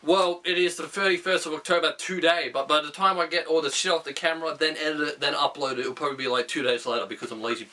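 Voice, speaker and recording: A man's voice: fairly high pitch, steady tone, fast, hardly any pauses, pushed and bright. An Australian man giving a comedic film review, profane, jokey and sarcastic. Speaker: movie reviewer.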